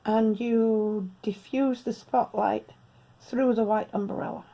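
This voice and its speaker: A woman's voice: on the high side, fairly even intonation, takes it slowly, creaky, dark tone. A woman in her fifties chatting through her day at home in a casual vlog, out of breath, laughing often and cooing at her cats. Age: 50s. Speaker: vlogger.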